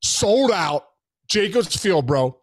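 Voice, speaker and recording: A man hosting a podcast, telling a story casually in animated bursts, full of restarts and "bro" and "dude". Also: sits high, takes it slowly.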